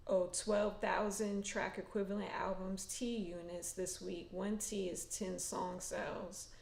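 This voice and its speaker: A woman's voice: mid-range voice, a little mellow. A woman hosting a casual livestream, chatting emotionally and colloquially with frequent restarts. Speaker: tarot reader and fan livestream host. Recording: echoey room.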